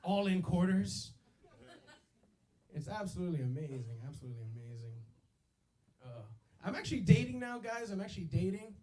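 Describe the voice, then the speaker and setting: A man's voice: high-pitched, fast talker, warm tone. A man in his twenties doing a stand-up set on a club stage into a handheld mic, loose and slangy, throwing in yo and baby. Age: 20s. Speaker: stand-up comedian.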